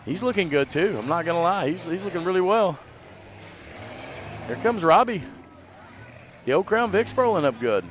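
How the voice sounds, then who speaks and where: A man's voice: high-pitched, expressive, normal speed, long pauses, a little hiss or hum. A man with a Southern American accent, chatting easygoing live commentary at a demolition derby outdoors. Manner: chatty, easygoing, thinking aloud. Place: outdoors at a racetrack.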